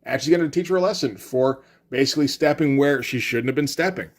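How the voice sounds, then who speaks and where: A man's voice: mid-range voice, quick pace. A man giving a loose, casual comic book review, acting out lines of dialogue and swearing freely.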